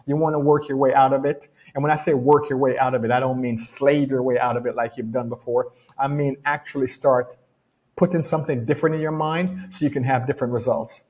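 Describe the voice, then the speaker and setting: A man's voice: mid-range voice, fairly even intonation, a little fast, a little mellow. A middle-aged man with a Jamaican accent gives a casual motivational talk as a personal development coach, repeating his key phrases for emphasis. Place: home in rainy weather.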